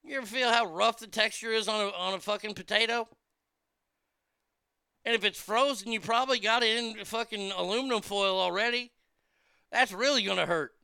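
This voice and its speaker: A man's voice: sits high, normal speed, creaky, bright, forceful tone, clear, resonant tone, no echo, studio quality. A man hosting a show, delivering a crude, mocking comedic monologue that rambles with restarts. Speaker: radio show host.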